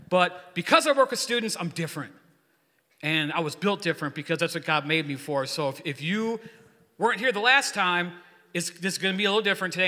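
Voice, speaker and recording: A man in his forties, a youth pastor, preaching a casual, joking sermon to his church and leading the crowd in call-and-response. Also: fairly high pitch. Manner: joking, energetic, rambling storyteller. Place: church hall. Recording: long hall reverb.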